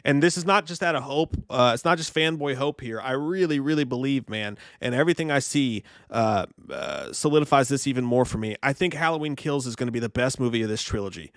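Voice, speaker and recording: A man co-hosting a casual podcast chat, excitable and profane, full of fillers and restarts. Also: mid-range voice, a little fast, few pauses, no echo, clean studio sound. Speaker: podcast co-host.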